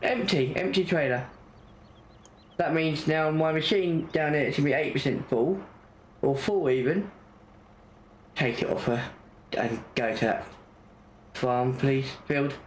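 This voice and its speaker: A man's voice: a little high, measured pace, long pauses, reverberant, a little hiss or hum. A man with an English accent giving casual gameplay commentary, grumbling and exasperated as he talks. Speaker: gaming channel host.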